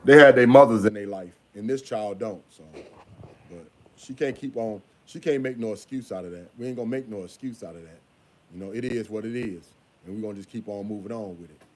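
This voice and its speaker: Scolding, repetitive dad talking casually. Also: male voice, fairly low pitch, fairly quick, dark tone. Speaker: father. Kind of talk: casual vlog talk.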